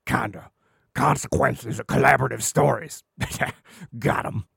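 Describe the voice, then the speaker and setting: A man's voice: medium pitch, fairly even intonation, unhurried, vocal fry, a bit bright, breathy edge, no echo, clean studio sound, voice pushed down, exaggerated voice. A man voicing a brash, cocky male werewolf who swears freely and swaggers.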